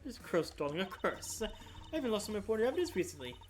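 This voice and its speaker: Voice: medium pitch, big pitch swings, fast, pitched above the performer's own voice, close to an everyday voice. A streamer voicing a flirty, condescending female prison warden from a video game, talking down to everyone with darlings and sweeties, with faint music underneath. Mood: sugary, dismissive. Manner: sugary, patronizing, calls others darling and sweetie. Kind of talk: reading a video game's dialogue aloud on stream.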